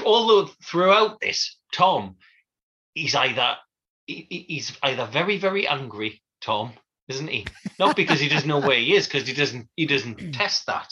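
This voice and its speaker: Joking man, bright voice. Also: medium pitch, lo-fi sound. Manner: wry, joking, rambling. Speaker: podcast co-host. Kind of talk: casual chat reviewing a film.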